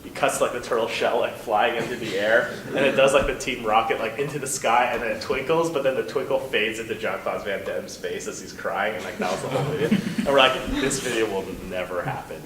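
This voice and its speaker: A man's voice: medium pitch, fairly quick. A man telling a long story as a panel guest at a convention, rambling with lots of fillers and restarts. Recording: echoey hall from far off, noisy.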